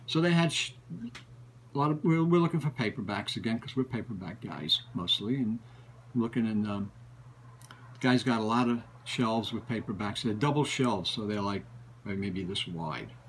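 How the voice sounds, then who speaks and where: A man's voice: fairly low pitch, normal speed, a little hiss or hum, rough recording. Rambling male book collector telling stories. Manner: rambling, repeats and restarts phrases. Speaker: book collector and show regular. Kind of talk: casual storytelling.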